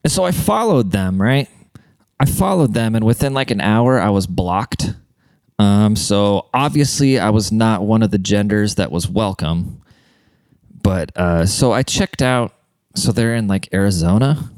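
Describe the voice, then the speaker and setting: A man's voice: on the low side, animated, unhurried, a little mellow, clean tone, no room sound. A man ranting in a casual monologue, blunt, profane and mocking.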